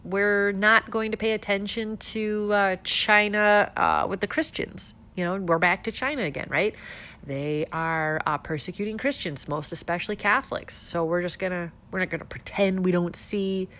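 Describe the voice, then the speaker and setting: A woman with a stuffed-up nose talks straight to her audience in a casual commentary show. Her delivery is sarcastic and animated, full of rhetorical questions and mock disbelief. Her pitch sits in a middle range. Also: normal speed. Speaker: political commentary host.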